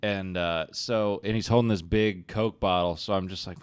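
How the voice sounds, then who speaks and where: A man's voice: sits low, fairly even intonation, moderate pace, clean tone, dry recording. A young man co-hosting a comedy podcast, telling a profane, self-mocking story. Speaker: podcast co-host.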